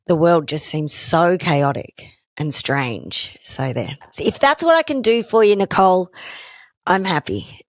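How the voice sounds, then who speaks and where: A woman's voice: low voice, dry recording, clean studio sound. Chatty Australian woman hosting a podcast. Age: middle-aged. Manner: chatty and self-deprecating, joking asides. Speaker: podcast host. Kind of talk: solo podcast chat.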